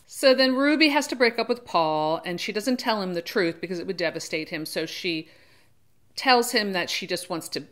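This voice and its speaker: A woman who reviews books on her own channel chats casually and digressively, often restarting and correcting herself and voicing characters in brief quotes. Her voice is on the low side and a bit bright, with lively intonation at normal speed.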